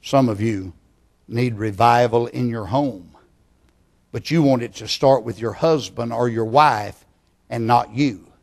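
Slow, earnest preacher man. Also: mid-range voice. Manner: earnest, pleading, drops to hushed tones. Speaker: pastor. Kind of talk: sermon. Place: church.

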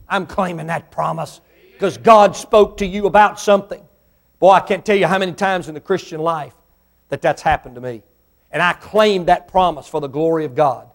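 A pastor preaches a sermon in church, his pitch and volume swelling suddenly as he acts out questions from imagined listeners.

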